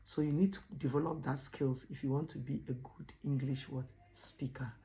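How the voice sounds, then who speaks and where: A woman teacher giving a classroom lesson, stressing points by repeating words and pausing on "what?" for the class to finish her sentences. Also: very deep voice, steady tone, dark tone. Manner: asks rhetorical "what?" prompts for the class to finish.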